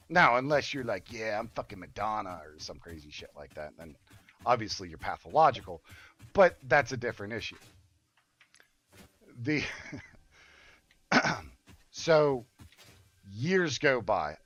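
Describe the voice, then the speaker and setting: A man's voice: fairly low pitch, very animated, a little slow, long pauses, fairly bright tone. An older man streaming a game, telling a long story in a blunt, profane, rambling way. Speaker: gaming streamer. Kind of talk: casual storytelling while gaming.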